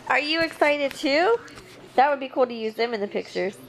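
A woman vlogging casually at home, chatty and excitable. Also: high voice, normal speed, low-quality recording. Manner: chatty, excitable, sing-song baby talk to her pets. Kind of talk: casual home vlog chat. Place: living room at home. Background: TV show with cheering audience playing.

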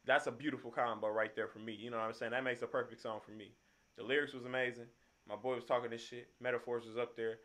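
A man's voice: medium pitch, flat delivery, fast talker, a bit bright. A young man hosting a music reaction video, talking loosely in with lots of slang and fillers. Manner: laid-back, loose slang and frequent fillers. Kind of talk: casual reaction commentary.

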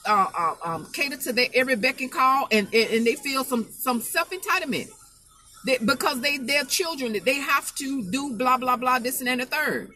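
High, bright-voiced woman preaching emphatically. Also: animated, normal speed, a little hiss or hum. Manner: emphatic, repeats phrases for emphasis; folksy, conversational preaching. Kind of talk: informal spoken sermon.

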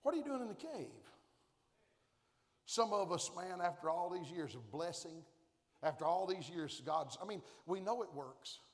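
A man preaching a fiery, folksy sermon that swings between shouts and hushed tones. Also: high voice, sing-song, moderate pace. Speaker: guest preacher. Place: large church auditorium at a conference. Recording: long reverb of a large hall.

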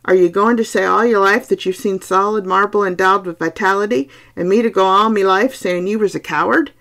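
A woman voicing a raw-boned male Irish village doctor with an Irish accent, blunt, teasing and forceful. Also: mid-range voice, a little fast, creaky. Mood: scolding.

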